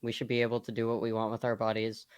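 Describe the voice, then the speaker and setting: A man's voice: fairly low pitch, monotone, fast talker, smooth, dry recording, studio quality. A man on a podcast panel giving a hesitant opinion, full of ums and likes. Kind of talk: casual chat.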